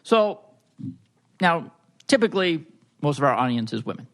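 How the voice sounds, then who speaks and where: A man co-hosting a podcast, asking questions in an animated, casual way. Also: on the high side, moderate pace. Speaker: podcast co-host.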